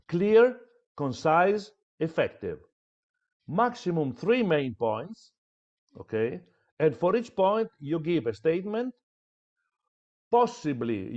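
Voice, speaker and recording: A man with a fairly high, lively voice teaches how to build a speech. He leans on his points, often repeating words for emphasis. The sound is dull and lo-fi. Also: takes it slowly. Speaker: public speaking trainer. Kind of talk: training lecture.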